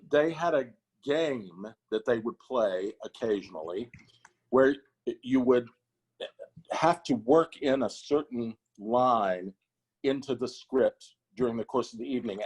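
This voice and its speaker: A man appearing as a guest on an online chat over a video call, telling a funny story in a brisk, amused way. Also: mid-range voice, darkish tone, slightly rough, rough recording.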